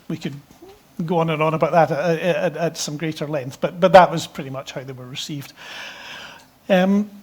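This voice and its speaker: A middle-aged man from Scotland giving a conference presentation to an expert meeting, hesitant, with frequent fillers and restarts and a dry, measured delivery. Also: on the high side.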